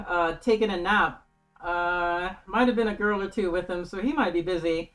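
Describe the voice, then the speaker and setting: Woman game master, excitable and casual, faint music underneath. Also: mid-range voice, normal speed. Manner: excitable, casual, swears freely. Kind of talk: running a tabletop game on a stream.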